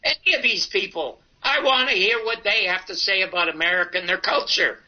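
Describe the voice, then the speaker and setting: A man's voice: high voice, fairly quick. A man in his eighties, a comedian and talk show host, telling a long story and acting out both sides of the dialogue. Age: 80s. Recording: dull lo-fi broadcast audio.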